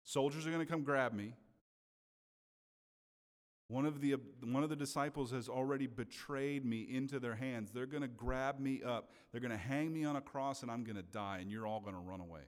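A calm, plain-spoken Jesus, voiced by a male preacher in a sermon retelling, talking like a man explaining the weekend's plans to friends. The voice sits at an ordinary male pitch and rings out in a hall with long reverb. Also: moderate pace, close to an everyday voice. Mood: matter-of-fact.

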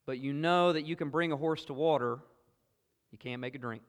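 A man with a Southern US accent preaching a sermon, earnest and emphatic, moving between loud exclamations and hushed asides. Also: a little high, fairly quick. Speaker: pastor. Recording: long hall reverb.

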